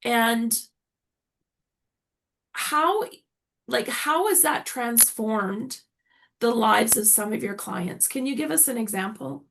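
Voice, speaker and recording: A woman's voice: fairly high pitch, expressive, takes it slowly, gravelly, long pauses, fairly bright tone, a little hiss or hum. A woman hosting an online summit interview, enthusiastically praising her guest and asking follow-up questions. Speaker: summit host.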